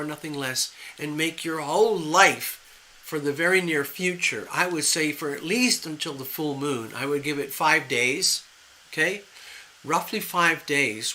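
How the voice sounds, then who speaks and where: A man with a very bright, ringing voice gives live tarot readings, speaking slowly and soothingly with lots of fillers. His pitch sits a little high, and faint noise hums behind him. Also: poor audio. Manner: gentle, soothing, rambling with fillers. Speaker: tarot reader.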